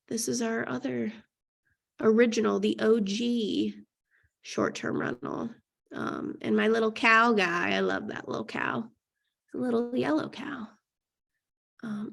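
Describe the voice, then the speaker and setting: Nasal, creaky-voiced Midwestern woman. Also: mid-range voice. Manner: fast-talking, lots of fillers. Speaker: guest real estate investor. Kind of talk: casual webinar talk.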